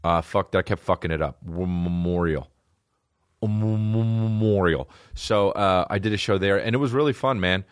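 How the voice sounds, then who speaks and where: A man's voice: low voice, lively intonation, fast, hardly any pauses, a bit bright, dry recording. A man hosting a podcast, talking in a rambling, profane, comedic monologue from a studio. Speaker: podcast host.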